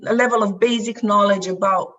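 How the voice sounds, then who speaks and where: A woman's voice: medium pitch, fairly even intonation, a little fast, a bit bright, recorded from a distance, dull audio. A woman speaking as a guest in a casual chat, reflective and earnest.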